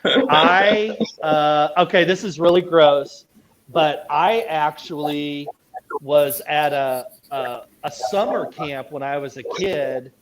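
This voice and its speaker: A man's voice: a little high, takes it slowly, fairly bright tone, slight background noise, low-quality recording. A man hosting a podcast, chatting casually and easygoing with his guest. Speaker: podcast host. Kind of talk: casual interview chat. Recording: crowd chatter behind.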